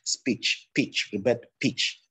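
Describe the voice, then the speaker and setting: A man with a Nigerian English accent gives a public speaking lesson in a husky, slightly breathy voice at an ordinary middle pitch. He explains in a loose, digressive way, restarting sentences as he goes. It sounds like a recorded lecture. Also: slow pace, bright, forceful tone, rough recording.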